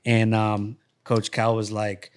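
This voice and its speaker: Relaxed low-voiced man. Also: slow pace, clear, resonant tone. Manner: relaxed, frequent restarts and repeated words. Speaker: guest, former fighter and coach. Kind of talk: casual interview storytelling. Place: podcast studio.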